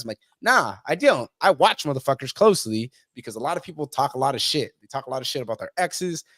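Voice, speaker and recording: A man's voice: medium pitch, big pitch swings, fast talker, few pauses, no room sound, studio quality. A man talking bluntly on a podcast, swearing a lot and acting out the people he quotes. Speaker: podcast guest. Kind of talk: casual podcast conversation.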